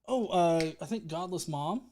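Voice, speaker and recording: A man's voice: on the high side, lively intonation, normal speed, dark tone. Profane joking male livestream host. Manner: joking, profane, rambling with restarts; reads out viewer comments and thanks. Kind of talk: casual livestream chat.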